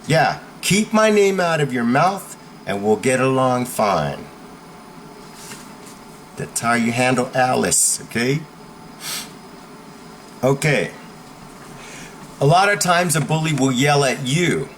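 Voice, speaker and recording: A man's voice: mid-range voice, lively intonation, slow, long pauses, fairly bright tone, slight background noise, low-quality recording. A man teaching how to stand up to bullies, speaking emphatically and checking in with the listener with a frequent "okay?". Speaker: self-help teacher. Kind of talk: instructional talk.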